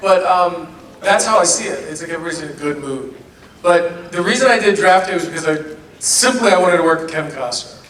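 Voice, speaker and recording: Male actor at a convention panel. Higher, bright voice with lively, laughing storytelling. Mic heard from a distance in an echoey hall. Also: brisk, slight background noise. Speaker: actor answering fan questions.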